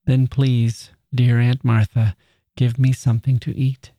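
A man's voice: mid-range voice, flat delivery, a little slow, mellow, dry recording. A man voicing a frail dying woman writer, speaking in an earnest, tender whisper. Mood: pleading.

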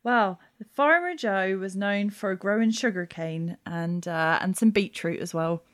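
A woman's voice: mid-range voice, unhurried, lightly acted. A woman voicing a folksy, old-fashioned male farmer who talks in a homely, rambling way. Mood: defensive. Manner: homely, rambling, rustic turns of phrase.

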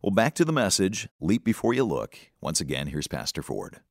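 A male radio host reads scripted announcements between sermon segments. His voice is extremely low and his delivery smooth and even. The recording is dry and close, with no room sound. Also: normal speed, no room sound.

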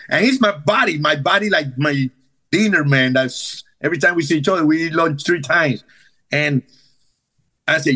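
Husky guy, pretty high voice, lively baseball stories in choppy english. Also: normal speed, pauses often, rough recording. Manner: animated, broken English with restarts. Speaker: podcast guest, former baseball manager. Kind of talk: casual storytelling.

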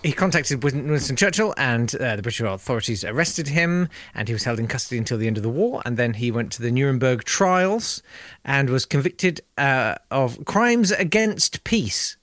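Man, podcast co-host, bright sharp tone, animated, dry close sound. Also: medium pitch, moderate pace, no room sound. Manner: bantering, mock-indignant storytelling. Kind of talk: comic history chat.

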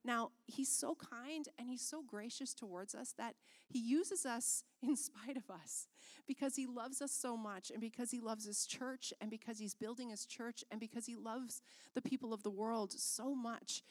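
A woman's voice: on the high side, moderate pace. A woman speaking sincerely in a conversational Christian talk, repeating words for emphasis.

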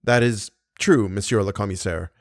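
A male narrator voicing an anxious, earnest young nobleman who answers softly. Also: lowish voice, normal speed, dry recording, clean studio sound, voice pushed down, close to an everyday voice. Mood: subdued.

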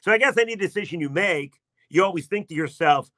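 A man's voice: high voice, lively intonation, a little fast, fairly bright tone, no echo. A man hosting a sports talk radio show, telling a story in a chatty, sarcastic way.

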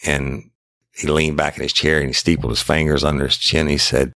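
Very deep, gravelly storyteller man. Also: little pitch movement, fairly quick, pushed and bright. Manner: rambling, repeats himself, tags every quote with "I said". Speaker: podcast host and former investigator. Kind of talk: casual true-crime storytelling.

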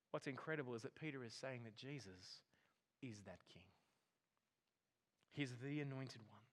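A man's voice: a little high, a bit bright, long reverb tail. A man preaching a sermon as pastor, earnest and emphatic, often repeating a word as he builds a point.

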